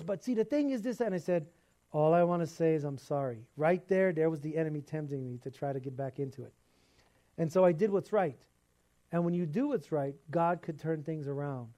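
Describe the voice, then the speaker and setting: Middle-aged male preacher, casual storytelling sermon, a bit high-pitched and warm. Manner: conversational storytelling, animated quoting.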